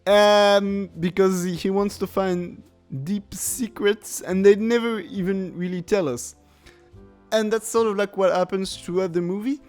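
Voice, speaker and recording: A male podcast host with a slightly higher voice rambles through a comedic review of a bad film. He laughs often and leans on filler words. Faint music sits underneath. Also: fairly even intonation, a little slow, a little mellow, clear, resonant tone.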